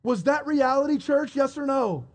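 A man's voice: very high voice, lively intonation, moderate pace. A male pastor preaching a sermon, firing rhetorical questions at his congregation.

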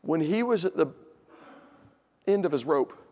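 A man preaching a sermon, telling a family story and building to shouted emphasis. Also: a little high, lively intonation, measured pace, in a large hall. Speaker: pastor. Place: church hall.

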